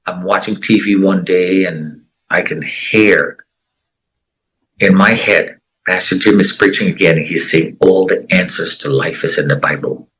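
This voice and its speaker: A middle-aged man giving an earnest, emotional personal testimony as an interview guest, with dramatic pauses. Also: low-pitched, fairly bright tone, breathy edge, low-quality recording.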